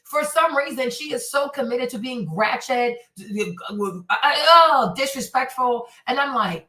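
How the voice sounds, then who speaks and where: A woman's voice: sits high, a little slow, hardly any pauses. A woman from Northern Virginia hosting a casual commentary show, telling stories with indignant energy and acting out what people said. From Northern Virginia, USA. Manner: animated, indignant storytelling with acted-out quotes. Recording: echoey room, voice a bit far from the mic.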